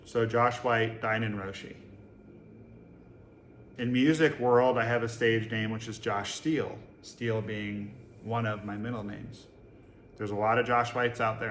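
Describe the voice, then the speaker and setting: Joking around and posing many rhetorical questions, a Boston-born Zen teacher delivers a casual dharma talk before a live audience in a meditation hall. He has a lowish, fairly bright voice. The recording picks up room echo, faint ambience, and a little hiss or hum.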